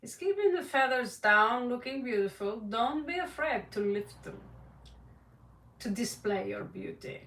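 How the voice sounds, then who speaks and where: Slow-talking woman from Norway reading tarot. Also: fairly high pitch, expressive, creaky, a bit bright. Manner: chatty, laughs often, addresses viewers by name. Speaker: tarot reader. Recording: roomy echo, distant mic.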